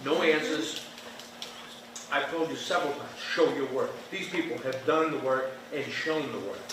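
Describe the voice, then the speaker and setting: A man's voice: a little high, normal speed. A man giving public comment at a meeting, blunt and scolding. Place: large meeting room. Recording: echoey hall, far mic, loud background noise.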